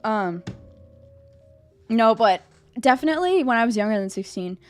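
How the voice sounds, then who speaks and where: A young woman streaming live, chatting casually with her chat and answering a quiz about herself, animated and at times breaking into loud high squeals. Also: moderate pace, soft background music. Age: young adult. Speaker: VTuber streamer.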